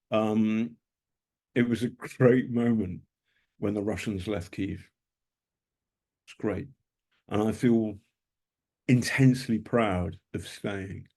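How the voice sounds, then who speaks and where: A man's voice: on the low side, mellow. A British man speaking as a guest journalist to students over a video call, telling stories emphatically with dry humor and frequent ums. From Britain.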